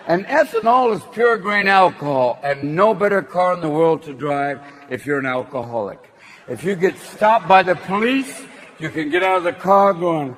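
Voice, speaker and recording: A man's voice: high-pitched, sing-song, normal speed, a bit bright, a little hiss or hum. A man in his sixties doing stand-up comedy, manic and swearing. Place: comedy stage with audience. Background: audience laughter.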